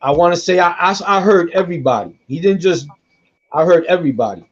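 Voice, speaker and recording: A middle-aged man telling a story on a podcast in a casual, animated way, acting out the voices of the people in it and repeating lines for emphasis. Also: sits high, fairly quick. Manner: animated, acts out quoted voices, repeats himself. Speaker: guest storyteller. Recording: dull lo-fi podcast audio.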